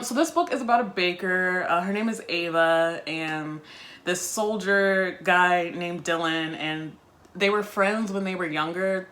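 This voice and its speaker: A woman reads a novel aloud in a bright, clear voice, breaking off for casual, wry comments. Her talk stays loose and conversational, mixing reading with chat. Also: low voice. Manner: chatty, wry asides between read passages. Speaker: book-reading video host.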